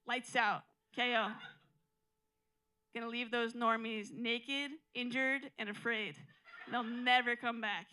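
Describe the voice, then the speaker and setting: Female stand-up, dry and absurd, crisp bright tone. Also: a little high, slow pace, poor audio. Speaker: stand-up comedian. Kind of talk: live stand-up comedy. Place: comedy club stage with audience.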